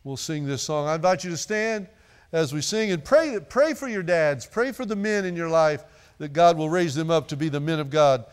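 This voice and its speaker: A man's voice: a little high, normal speed, clear, resonant tone. A middle-aged man preaching a sermon in a church, earnest and repeating phrases for emphasis. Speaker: pastor. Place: church sanctuary.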